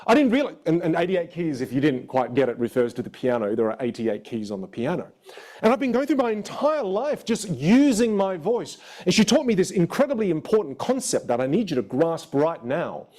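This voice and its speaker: A male vocal coach leads a live online masterclass with expressive storytelling. His voice sits a little high for a man, and his pitch leaps and dips constantly. He shifts between energetic asides and quieter, reflective moments. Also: fairly quick.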